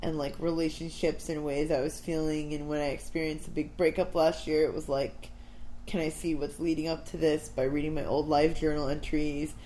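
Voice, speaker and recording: A woman's voice: low-pitched, normal speed, low-quality recording. A woman in her twenties chatting casually on a podcast, telling stories full of "like" asides. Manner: animated storyteller, fillers like "like". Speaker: podcast co-host. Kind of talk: casual chat. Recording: faint background noise.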